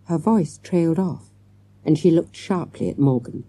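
A woman narrating a children's mystery audiobook in a lively, expressive storytelling manner. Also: low voice, normal speed, breathy edge, dry recording. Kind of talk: scripted narration.

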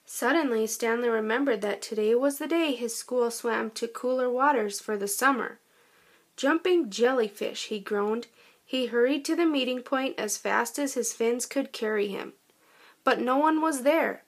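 High-voiced woman reading a kids' story. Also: normal speed. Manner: gentle, expressive storytelling. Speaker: storybook narrator. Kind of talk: children's storybook read-aloud.

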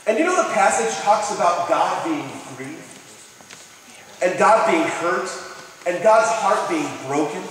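High-voiced preacher in an echoey hall. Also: male voice, slight background noise. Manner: storytelling, asks the audience questions, acts out quoted people. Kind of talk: sermon with personal stories. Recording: distant mic in an echoey hall.

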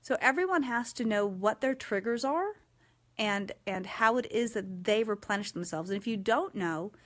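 A woman in her forties hosting a casual live-stream chat, talking frankly and swearing freely with lively energy. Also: medium pitch, moderate pace. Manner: frank and profane, animated. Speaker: host.

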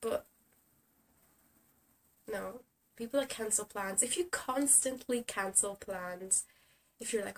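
A woman's voice: mid-range voice, fairly even intonation, unhurried. A young woman who is sick, ranting sarcastically in a casual vlog and swearing often. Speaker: vlogger. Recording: distant camera mic with faint hiss.

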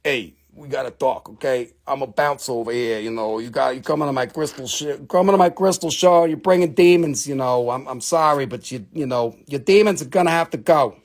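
A man voicing a talking crystal that acts as a gruff bouncer, laid-back and streetwise but firm. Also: medium pitch, a little fast, hardly any pauses, pitched below the performer's own voice, natural voice. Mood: tough.

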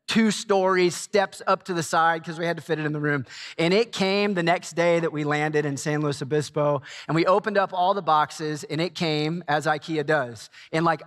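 A man in his forties preaching a sermon in a church, telling a self-mocking story with lively energy. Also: on the high side. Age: 40s. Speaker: pastor. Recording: long hall reverb.

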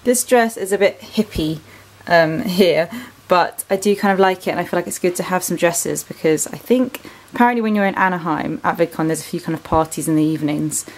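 A woman's voice: lowish voice, fairly quick, hardly any pauses, low-quality recording. A woman in her twenties with an English accent, chatting casually in a vlog at home, rambling with plenty of ums and likes as she shows her clothes. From England. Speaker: vlogger. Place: bedroom at home.

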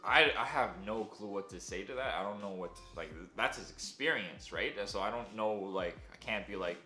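A man's voice: fairly low pitch, normal speed, sharp tone. A young man telling a story in a casual, self-deprecating way, with many fillers. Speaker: vlogger. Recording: echoey room with faint music.

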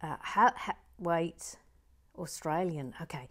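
A woman's voice: lowish voice, normal speed. Chatty self-deprecating woman host. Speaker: LEGO building stream host. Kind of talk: casual chat while building.

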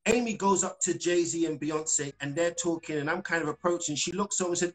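Appearing as a guest on a casual live stream, a singer from Britain spins animated stories packed with fillers, restarts and quotes he acts out. His male voice is on the high side, fairly quick with few pauses, and the recording is rough.

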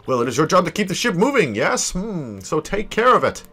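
A man's voice: high-pitched, big pitch swings, fairly quick, pushed and bright, husky, faint music behind, heavily acted. A man voicing a vain, boastful male merchant in a video game playthrough, with grand and flowery delivery. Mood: indignant. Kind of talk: let's play, reading game dialogue aloud.

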